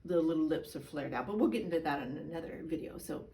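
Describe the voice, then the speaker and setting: A woman midwife giving a chatty, playful instructional demonstration, sometimes dropping into high sing-song baby talk. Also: expressive, fast, mellow, distant mic, low-quality recording. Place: indoor room. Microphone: camera mic.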